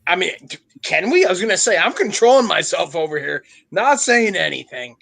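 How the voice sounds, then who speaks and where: Brief: high, lively male co-host, young adult, swears constantly, rowdy storyteller. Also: a little fast, gravelly. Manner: profane, animated storyteller, laughs often. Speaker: podcast co-host. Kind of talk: casual crude banter.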